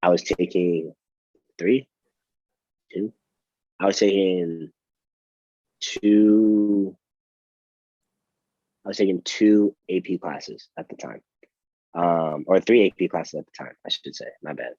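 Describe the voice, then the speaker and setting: A young man with a very low voice tells a story in a casual interview, rambling and restarting his sentences with plenty of fillers. The sound is dry and a little dull, with no room echo. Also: slow, pauses often, dark tone. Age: young adult. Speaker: college athlete guest.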